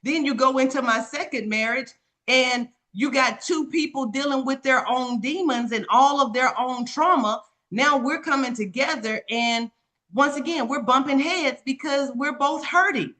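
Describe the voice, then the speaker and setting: A woman's voice: high-pitched, unhurried, bright, forceful tone. A middle-aged woman, a life coach and author, sharing her story earnestly in an interview and repeating affirmations while speaking straight to her listeners. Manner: earnest, repetitive affirmations, addresses listeners directly. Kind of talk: personal testimony in an interview.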